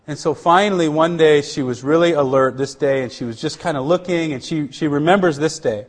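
With a fairly high pitch, a middle-aged missionary man relates his personal testimony. He talks earnestly and haltingly, restarting again and again, and quiets to a hush at tender moments.

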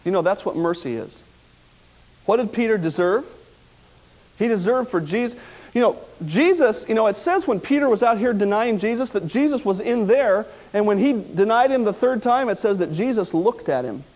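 A man preaching a sermon, retelling a story with dramatic swings between loud outbursts and quiet, hushed lines. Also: high-pitched, lively intonation, moderate pace.

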